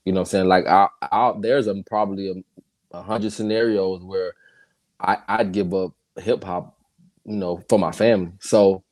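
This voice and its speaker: Brief: male guest artist, lowish voice, dry sound, sincere and reflective. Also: steady tone, normal speed, a little mellow, no echo. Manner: earnest and reflective, lots of agreeing. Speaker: guest hip hop artist. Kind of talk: casual conversation.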